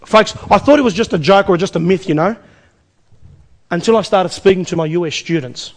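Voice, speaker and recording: A man's voice: sits high, fairly quick. A man with an Australian accent giving a live investment seminar, energetically quizzing the audience with rhetorical questions. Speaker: seminar presenter.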